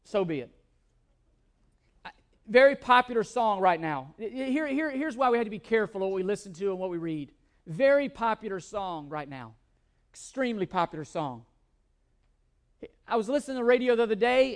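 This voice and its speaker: A man's voice: sits high, lively intonation, brisk, pauses often. A man preaching a sermon as pastor, emphatic, often repeating words and asking rhetorical questions.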